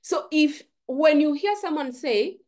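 A woman's voice: high voice, a little slow, darkish tone. A woman giving an emphatic, preachy motivational talk to camera, repeating phrases for stress. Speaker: forex trading YouTuber.

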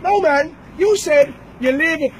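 A man's voice: very high voice, measured pace, slight background noise, poor audio. An Irish man, a bare-knuckle fighter, records a challenge to a rival, taunting and threatening him and repeating names and "boys" over and over.

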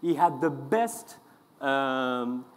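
A man's voice: medium pitch, animated. French-accented man in a reverberant hall. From France. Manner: halting, with many fillers and restarts. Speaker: speaker. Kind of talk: conference talk.

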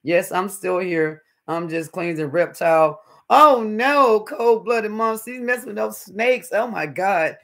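Guy hosting a livestream, kinda high voice, lively storyteller, says honey and baby a lot. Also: unhurried, creaky, few pauses. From North Carolina, US. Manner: animated storyteller, calls viewers honey and baby. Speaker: livestream host. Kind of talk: casual live-stream chat with viewers.

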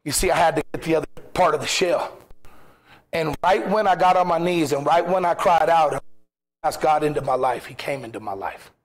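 A man's voice: a little high, fairly quick. A man preaching a sermon as pastor in a church, impassioned, firing rhetorical questions and acting out quoted voices.

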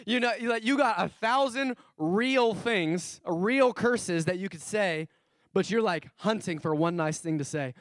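A man preaching a sermon as pastor, telling stories with animated swings between soft asides and loud emphatic bursts, repeating key phrases slowly for emphasis. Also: sits high, dry recording, clean studio sound.

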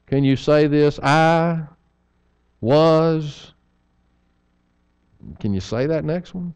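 A man's voice: on the high side, very slow, long pauses, darkish tone, clear, resonant tone. A man preaching an evening sermon in a church, folksy, with rhetorical questions and humorous asides.

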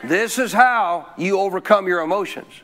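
The preacher's voice sits high and sounds pushed and bright, moving at a moderate pace. Through call-and-response, he puts questions to the congregation and gets them to say phrases back after him.

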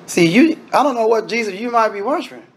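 A man's voice: sits high, lively intonation, fast, slightly rough. A man preaching a sermon in an emphatic, conversational style, speaking straight to the congregation.

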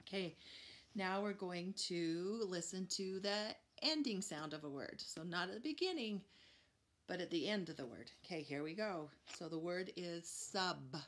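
A woman's voice: lowish voice, measured pace, a bit bright. A woman teaching preschoolers a phonics lesson, upbeat and encouraging, stretching out letter sounds. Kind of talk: phonics lesson for young children.

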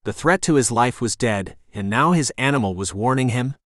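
A man's voice: medium pitch, expressive, normal speed, fairly bright tone, no room sound. A man narrating a crime audiobook in a tense, dramatic storytelling manner on a close studio mic. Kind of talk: scripted narration.

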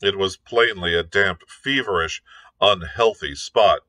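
A male librarian reading a novel aloud in a measured, even storytelling manner. His lowish voice sounds bright and forceful, and he takes his time. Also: low-quality recording. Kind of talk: read-aloud narration.

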